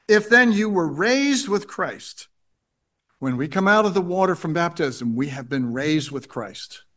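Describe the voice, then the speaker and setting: A man delivering a sermon in a slightly raised pitch. He reads verses aloud and repeats his key phrases to press the point. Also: lively intonation, unhurried, fairly bright tone. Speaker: pastor.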